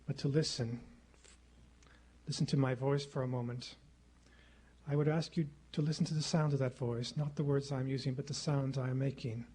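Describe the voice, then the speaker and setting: Standing at the podium mic of a lecture hall, this middle-aged man gives a formal public lecture as a guest speaker. He is deliberate and rhetorical, echoing phrases for effect, in a mid-range voice that is mellow and husky.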